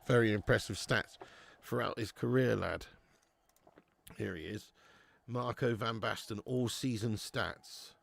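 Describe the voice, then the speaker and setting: A man's voice: on the low side, unhurried, gravelly. A man hosting a live football watch-along, chatting casually and swearing freely. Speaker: host.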